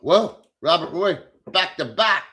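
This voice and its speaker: A man's voice: sits high, animated, measured pace, pushed and bright. Blunt, crude man ranting on a livestream. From Southern Illinois, USA. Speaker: livestream host. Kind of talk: livestream chat reading.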